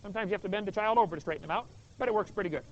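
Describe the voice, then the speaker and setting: A man's voice: sits high, very fast. A man giving a joking Bible lecture to a live audience, folksy and full of questions for the crowd. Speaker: creation seminar speaker. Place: stage with a display table. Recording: dull lo-fi video recording.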